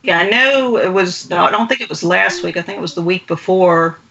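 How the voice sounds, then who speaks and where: A chatty co-host talks through wrestling storylines in a casual show. The voice is bright and sharp-edged. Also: medium pitch, steady tone, fairly quick, creaky, lo-fi sound, slight background noise. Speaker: podcast co-host.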